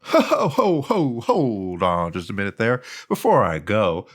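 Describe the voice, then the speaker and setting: A man's voice: fairly low pitch, big pitch swings, unhurried. A man giving casual comedic commentary, talking in a playful, mocking way while he parodies an exaggerated sing-song script-reading tone. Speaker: video commentator.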